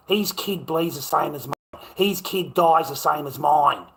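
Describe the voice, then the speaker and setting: A man's voice: on the high side, a little slow, rough recording. An Australian man hosting a livestream, talking in a brash, profane and confrontational way as he reacts to chat comments at home. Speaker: livestream host.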